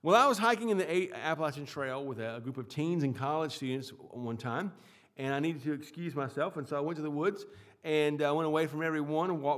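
Emphatic man preaching a sermon. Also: fairly high pitch. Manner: emphatic preaching with swings in loudness and pauses; repeats words and restarts phrases. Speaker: pastor.

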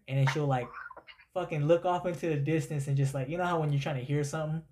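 A married man in casual chat, telling anecdotes in an animated way, swearing and acting out voices. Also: fairly high pitch, quick pace.

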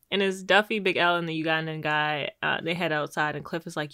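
A woman's voice: deep voice, steady tone, fairly quick, hardly any pauses, bright, forceful tone. A woman co-hosting a casual chat, animatedly retelling a TV episode and acting out the characters' lines. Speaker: podcast co-host. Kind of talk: casual chat recapping a TV show.

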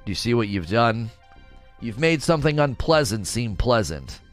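A young man streaming, ranting indignantly in a casual, animated way, sometimes mocking others in quoted voices. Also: mid-range voice, normal speed, faint music behind. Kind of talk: casual livestream rant.

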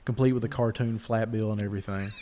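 A man's voice: lowish voice, fairly even intonation, quick pace, dark tone, a little hiss or hum. A man hosting a podcast, rambling through stories and mimicking the people in them. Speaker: podcast host. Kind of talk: casual storytelling chat.

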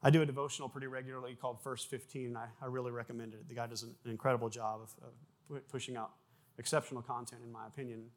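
A man preaching a sermon, animated, with frequent repeated words and acted-out sound effects in his stories. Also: medium pitch, racing. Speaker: pastor.

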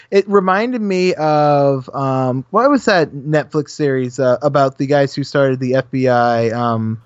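A man's voice: medium pitch, a little slow, hardly any pauses, smooth, dry recording, muffled recording. A man in casual political chat, heated and sarcastic, mocking people with quoted voices.

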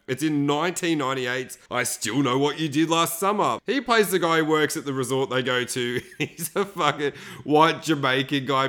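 A man hosting a podcast on his own, chatting loosely, swearing a lot and slipping into quick impressions as he retells scenes. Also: medium pitch, pushed and bright. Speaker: podcast host. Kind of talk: casual solo podcast chat.

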